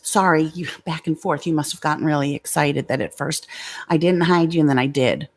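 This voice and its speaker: Talking fairly quickly in a low voice, a middle-aged woman hosts a relaxed livestream, dealing with commenters in a blunt, confrontational way and swearing as she pleases.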